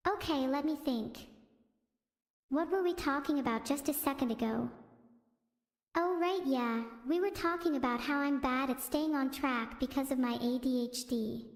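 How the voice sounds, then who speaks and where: A woman's voice: high-pitched, normal speed. A woman's synthetic text-to-speech voice hosting a stream, chatting casually and rambling, easily sidetracked. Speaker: streamer host. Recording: echoey room with long reverb.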